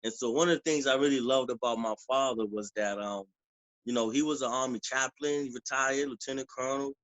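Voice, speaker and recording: A man, an author and preacher, talking casually in an interview, with relaxed slang and frequent "you know what I'm saying". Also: mid-range voice, brisk, no room sound, poor audio.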